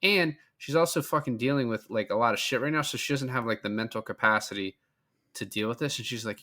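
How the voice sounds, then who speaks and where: A man's voice: medium pitch, fast, sharp tone. A man co-hosting a film podcast, chatting casually and profanely as he retells scenes. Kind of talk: casual film review chat.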